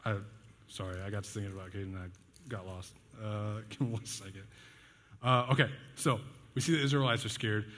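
A man's voice: fairly low pitch, steady tone, a little fast, fairly bright tone. A young man preaching a casual sermon, conversational and jokey, telling stories and leaning on fillers. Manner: conversational, jokey, self-deprecating, with fillers and laughs. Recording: long hall reverb, faint music behind.

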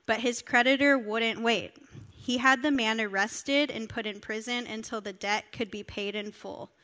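Bright-voiced earnest woman preacher. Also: a little high, steady tone, normal speed. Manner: earnest, emphatic, talks directly to listeners. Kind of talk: sermon with scripture reading.

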